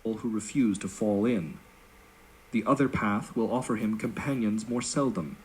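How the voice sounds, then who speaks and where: Low-voiced man in formal narration. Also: slight background noise, rough recording. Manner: measured, formal reading. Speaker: narrator of a read-aloud philosophical text. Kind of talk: scripted narration.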